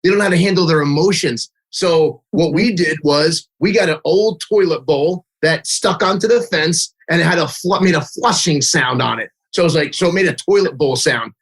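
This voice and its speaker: A man's voice: fairly high pitch, moderate pace, few pauses, a bit bright, slightly rough. A man who coaches youth baseball, telling stories in a casual interview, chatty and full of "like", acting out quotes. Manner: chatty, fills speech with "like", acts out kids' and his own quotes. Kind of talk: casual interview chat, storytelling.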